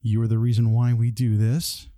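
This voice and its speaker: A man hosting a tabletop gaming podcast, reading closing thanks in an earnest way with a few halting fillers. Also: medium pitch, completely flat delivery, mellow, no echo. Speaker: podcast host.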